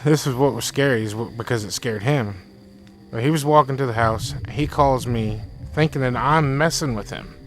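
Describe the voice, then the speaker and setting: A young man tells a frightening personal story casually, rambling, repeating himself, and quoting his friend in excited bursts, with faint music in the background. His voice is medium in pitch at a normal speed, and the recording is rough.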